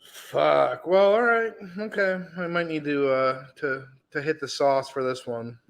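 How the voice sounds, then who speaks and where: A man casually commenting on stream clips, relaxed and profane, often trailing off with fillers. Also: medium pitch, measured pace, vocal fry. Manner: laid-back, profane, hesitant fillers.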